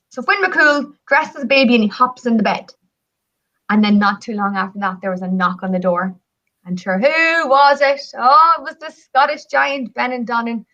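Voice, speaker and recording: A woman with a Northern Irish accent, telling folk tales and talking travel as a radio show guest, lively and chatty. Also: high-pitched, normal speed, lo-fi sound. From Northern Ireland. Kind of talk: radio talk show storytelling and pitch.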